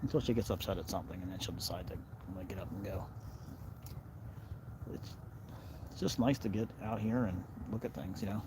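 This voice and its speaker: A man vlogging outdoors by the water on a cold day, chatting in a relaxed, rambling way and talking to his dog. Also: low voice, brisk, long pauses. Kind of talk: casual outdoor vlog chat. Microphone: handheld phone camera. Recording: outdoor phone recording with background noise.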